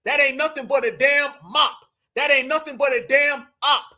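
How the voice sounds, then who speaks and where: A man from the United States hosting a live commentary show, ranting in a loud, mocking way and often shouting. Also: extremely high pitch, fairly even intonation, moderate pace.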